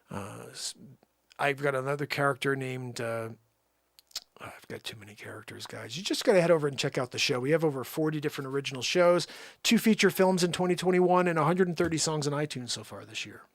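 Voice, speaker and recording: A man's voice: medium pitch, brisk, no room sound. A man hosting a livestream, chatting casually and rambling with many fillers. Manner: rambling, full of "you know" fillers. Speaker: host.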